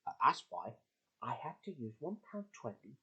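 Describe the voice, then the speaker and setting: A man's voice: mid-range voice, big pitch swings, moderate pace, bright, forceful tone, husky, muffled recording. Guy hosting his own little puppet show, rambles, trips over words, very up-and-down voice. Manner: rambling, many restarts and slips. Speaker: host of a homemade puppet show. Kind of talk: casual chat.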